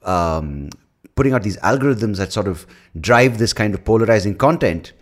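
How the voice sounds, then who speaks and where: A man's voice: fairly low pitch, animated, moderate pace. A man with an Indian English accent, hosting a podcast and ranting in a rambling, profane, casual way, often correcting himself. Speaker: comedian podcast host. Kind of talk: casual rant.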